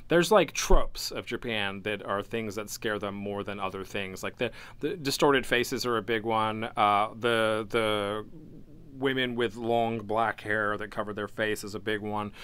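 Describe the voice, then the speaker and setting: A man's voice: on the low side, a little slow, fairly bright tone, clean tone. A man co-hosting a casual gaming news podcast, talking in loose rambling sentences full of fillers and restarts. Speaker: podcast co-host. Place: home basement studio.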